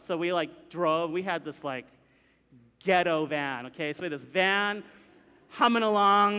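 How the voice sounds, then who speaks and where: High, bright man telling a story in a hall. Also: normal speed, clear, resonant tone. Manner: animated, acts out quoted voices and sounds. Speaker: minister telling a personal story. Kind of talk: live storytelling to an audience. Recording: long hall reverb.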